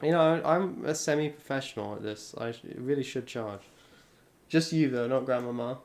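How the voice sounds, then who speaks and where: A man's voice: mid-range voice, normal speed. Wry young man chatting on stream. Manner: wry, self-deprecating, relaying chat messages. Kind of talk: casual chat on a live stream.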